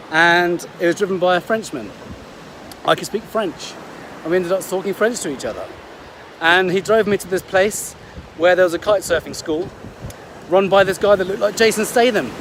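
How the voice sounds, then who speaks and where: A man's voice: sits high, moderate pace, pauses often, fairly bright tone. Upbeat Englishman over beach wind. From England. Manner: chatty and upbeat, with restarts. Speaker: health coach. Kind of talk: casual vlog storytelling. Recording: wind and ocean noise behind.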